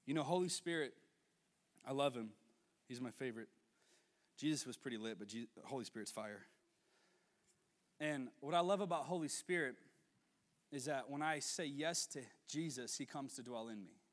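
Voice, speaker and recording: A man in his twenties preaching a sermon as a youth pastor, telling stories with quick asides and laughs. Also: mid-range voice, big-room sound. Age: 20s.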